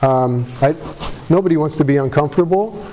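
A man with a high-ish, dark-toned voice talks a little fast at a recovery meeting, facing a live audience in the meeting room. Candid and self-deprecating, he rambles with restarts and his voice cracks with emotion, over slight background noise.

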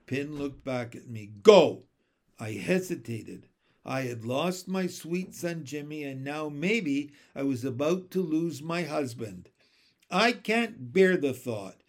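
Man reading a children's story aloud. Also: unhurried. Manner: low, quiet narration between voices.

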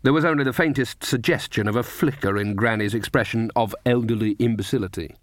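A man narrates a comic fantasy novel in a measured, wry voice of middle pitch. The recording is dry and close, with no room sound. He reads at an even, steady pace. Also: no echo. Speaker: audiobook narrator. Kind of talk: scripted narration.

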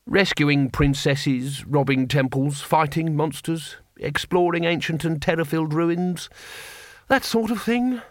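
A man voicing a calm, polite male former schoolteacher with a mild genteel manner. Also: fairly high pitch, measured pace, dry recording, clean studio sound, lightly acted.

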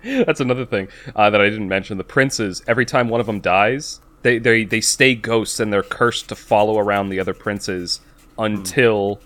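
A man's voice: fairly low pitch, moderate pace, a bit bright. A man co-hosting a podcast in casual chat, talkative, repeating words as he starts a thought. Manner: talkative, repeats words when starting, quotes lines in a put-on voice. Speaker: podcast co-host.

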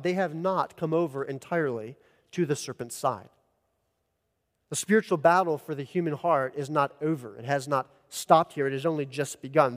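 Preaching man in a reverberant sanctuary. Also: a little high. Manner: earnest expository preaching, rises for emphasis. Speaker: pastor. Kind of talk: sermon. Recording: long church reverb.

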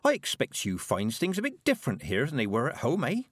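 A man voicing a stern, sharp-tongued old woman witch who speaks in curt, commanding tones. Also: fairly high pitch, big pitch swings, moderate pace, dry recording, clean studio sound, voice pushed up.

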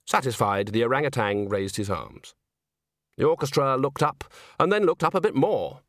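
A man reading a comic novel aloud as narrator, wry and expressive. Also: mid-range voice, moderate pace, no echo, clean studio sound. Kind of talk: audiobook narration.

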